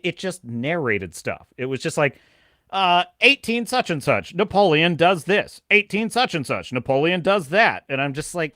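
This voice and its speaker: A man's voice: fairly high pitch, bright, forceful tone, no room sound, clean studio sound. A man hosting a live stream, ranting animatedly and laughing as he reads out chat messages.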